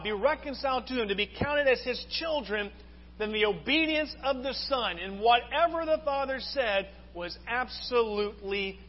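A high-pitched man preaches earnestly, pressing his listeners with question after question. His voice rings with a long hall echo on a dull, lo-fi recording with a faint hiss behind it. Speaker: pastor. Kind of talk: sermon.

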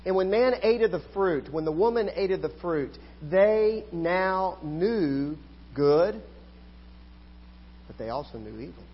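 Middle-aged guy preaching, high husky voice, long hall echo, kinda muffled. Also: lively intonation, unhurried. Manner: swings between loud pleading and quiet asides. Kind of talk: sermon. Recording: hall reverb, dull lo-fi sound.

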